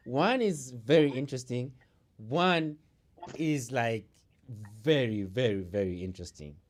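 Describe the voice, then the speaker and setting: Man, talk show host, casual chat, laughs a lot, repeats words, middle pitch. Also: animated, a little slow. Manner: laughs often, repeats words, many fillers.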